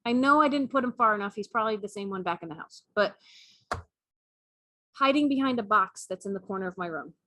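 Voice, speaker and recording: A woman co-hosting a chat show, telling a story in a casual, animated way and laughing often. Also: mid-range voice, brisk, no room sound. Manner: animated, laughing, acts out cat and mouse voices. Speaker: podcast co-host.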